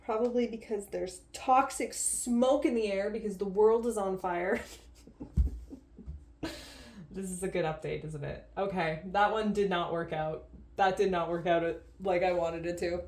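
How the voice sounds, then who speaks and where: A woman's voice: mid-range voice, a little slow, darkish tone. A woman in her thirties chatting casually on her writing vlog, joking at her own expense. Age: 30s. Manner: chatty and self-deprecating. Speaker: writing vlogger. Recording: roomy echoey room.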